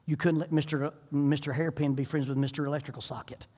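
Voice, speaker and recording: A man's voice: fairly high pitch, flat delivery, fast, dark tone. A middle-aged man preaching a sermon in a folksy, humorous storytelling manner. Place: church sanctuary. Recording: echoey church hall.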